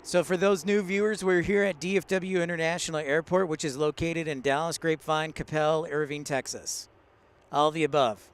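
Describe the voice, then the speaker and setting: A man's voice: fairly high pitch, fairly even intonation, fairly quick, few pauses, clear, resonant tone. A man hosting a casual live stream from outdoors at a large airport, chatting with viewers, greeting them by name and laughing often. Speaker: live-stream host, plane spotter.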